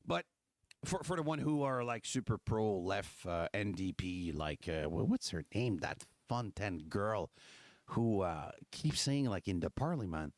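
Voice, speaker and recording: Animated man in his forties. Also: fairly low pitch, a little slow, no room sound. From Quebec, Canada. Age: 40s. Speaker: host of a political livestream. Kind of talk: casual political talk.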